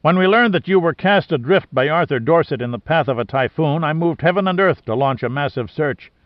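A man's voice: fairly high pitch, lively intonation, brisk, no echo, pitched above the performer's own voice, lightly acted. A man reading the part of a stern, authoritative older admiral in a story, speaking in a clipped manner. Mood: relieved. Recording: dry, slightly dull lo-fi sound.

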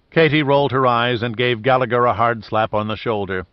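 A man narrating a novel in a steady, even reading voice. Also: medium pitch, brisk, few pauses, dry recording. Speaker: audiobook narrator. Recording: dull dry studio read.

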